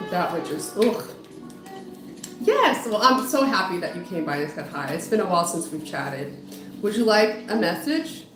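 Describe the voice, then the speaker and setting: Slow-talking woman reading tarot live. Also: mid-range voice, very animated. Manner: chatty, greets viewers, trails off and restarts. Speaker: spiritual medium and psychotherapist. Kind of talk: casual livestream chat with tarot readings. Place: home, dog heard outside. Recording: roomy sound with music behind.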